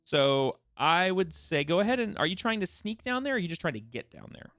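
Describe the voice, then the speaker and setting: A man narrating as game master, halting and full of fillers. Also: sits high, sing-song, a bit bright, no echo.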